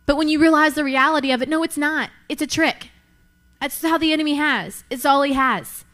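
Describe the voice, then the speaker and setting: A woman's voice: sits high, a little fast, a bit bright. A young woman preaching a sermon, emphatic, repeating key lines for effect.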